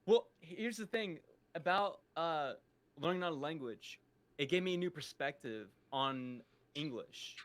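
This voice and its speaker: Animated young man from upstate New York. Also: a little high, a little slow. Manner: animated, laughs often. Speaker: podcast co-host. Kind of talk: casual chat.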